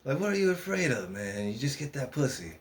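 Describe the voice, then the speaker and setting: A man's voice: mid-range voice, big pitch swings, brisk. A man bantering on a podcast, teasing and laughing often. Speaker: podcast co-host.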